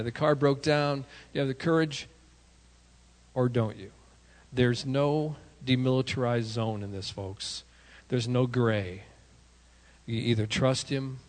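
Speaking at medium pitch, a male pastor gives a lively sermon full of self-deprecating remarks and abrupt shouted prayers.

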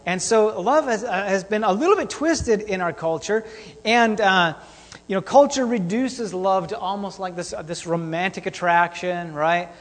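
A man's voice: high voice, normal speed. A man preaching a sermon in a casual, chatty way, bantering with his congregation. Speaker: pastor. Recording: long hall reverb.

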